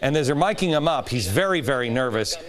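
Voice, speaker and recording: A man's voice: medium pitch, fast, crowd noise. A middle-aged man hosting a talk show, giving an emphatic political commentary monologue. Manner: animated, emphatic, rising to stress points.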